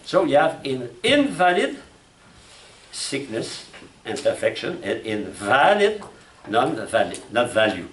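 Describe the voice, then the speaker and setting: A man from France with a French accent, giving a classroom lecture on logic, speaking haltingly with restarts and asking "huh?" and "you know?". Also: mid-range voice, animated. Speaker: logic instructor. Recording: echoey room from far off, faint noise.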